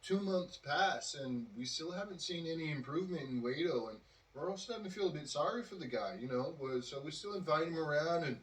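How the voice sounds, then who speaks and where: A man's voice: a little high, expressive, brisk, a bit bright. Rambling man telling a story. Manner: rambling, with many fillers and acted quotes. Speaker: podcast host. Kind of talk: casual storytelling. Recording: roomy, distant from the mic.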